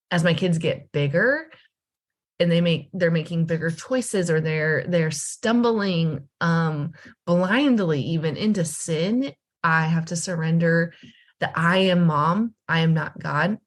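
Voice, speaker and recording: A woman and mother, a guest on a podcast, speaking candidly and reflectively with frequent restarts. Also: on the low side. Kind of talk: casual podcast conversation.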